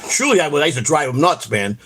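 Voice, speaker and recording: Casting: fast-paced male host, rambling and profane storyteller. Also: on the high side, very animated, fairly bright tone, slightly rough. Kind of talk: casual rambling livestream chat.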